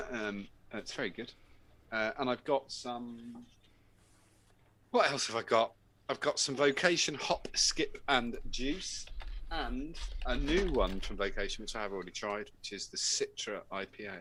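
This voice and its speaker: A man's voice: mid-range voice, measured pace, sharp tone, a little hiss or hum. A man with a jokey manner chatting casually on a podcast, laughing often and breaking into silly put-on voices.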